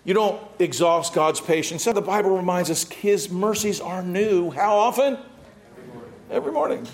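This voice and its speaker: A middle-aged man delivering a sermon in a notably high voice. He preaches with energy, acting out the people he quotes. He rises to loud calls and drops to hushed, quiet stretches. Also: moderate pace. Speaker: pastor.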